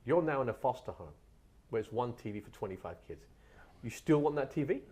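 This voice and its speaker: A middle-aged man from England, a guest telling animated stories in a casual podcast chat. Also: mid-range voice. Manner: animated storyteller, quick and lively. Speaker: guest author.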